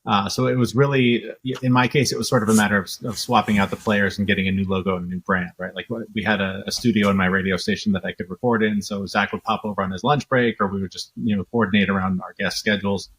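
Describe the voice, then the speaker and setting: A man in his forties, a podcast guest and former radio broadcaster, talking casually with quick confidence. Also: lowish voice, steady tone, a bit bright, husky.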